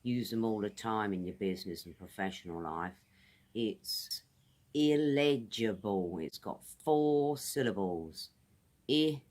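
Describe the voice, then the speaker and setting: A woman's voice: very deep voice, lively intonation, a little mellow. A British woman giving a casual English vocabulary lesson outdoors, repeating each word carefully for pronunciation. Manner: friendly, repeats words slowly for pronunciation. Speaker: English teacher.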